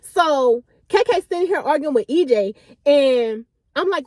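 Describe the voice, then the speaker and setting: A chatty woman in her late twenties tells a wild story straight to her viewers. Her voice sits high and swings widely in pitch. The sound is dry and close to the mic. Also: unhurried, no echo. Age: late 20s. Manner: animated, chatty, slangy. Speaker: vlogger. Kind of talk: casual storytime.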